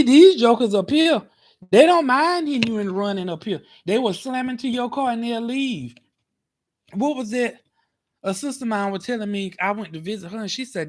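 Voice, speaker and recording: A man telling a story in a casual vlog, animated and dramatic, acting out the scene. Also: sits high. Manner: animated, dramatic, acts out scenes with cries and shouts. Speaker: vlogger. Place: parked car.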